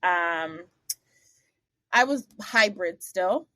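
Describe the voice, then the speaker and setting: A woman guest on an interview podcast, telling lively stories about her career, acting out the voices of the people in them, with blunt, salty asides. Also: fairly low pitch, drawn-out words. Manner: animated, acts out the other people in her stories. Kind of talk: casual storytelling interview.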